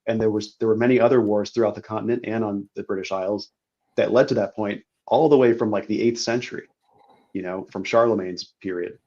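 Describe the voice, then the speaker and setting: Interview guest, man, low voice, measured explainer, muffled lo-fi audio. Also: steady tone, warm tone. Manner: measured, explanatory, repeats words. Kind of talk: analytical interview talk.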